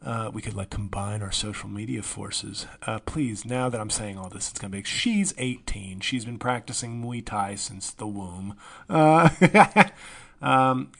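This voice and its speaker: Male comedian, 40s, gravelly voice, rambling self-deprecating podcast monologue. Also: fairly low pitch, unhurried. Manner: rambling, self-mocking, swings to loud excited yelling.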